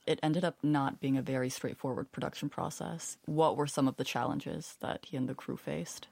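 A man's voice: medium pitch, steady tone, normal speed, creaky, a little mellow, husky, no echo. A male host interviewing guests, asking curious, prompting questions.

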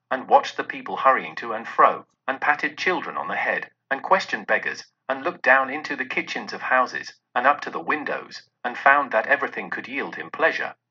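Male audiobook narrator, very bright husky tone, animated delivery, lo-fi sound. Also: medium pitch. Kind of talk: expressive storybook narration. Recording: dull lo-fi recording.

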